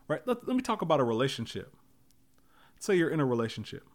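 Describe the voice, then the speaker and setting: A man's voice: fairly high pitch, sing-song, fairly quick, fairly bright tone. A man giving a casual motivational talk, emphatic and repetitive, with many fillers.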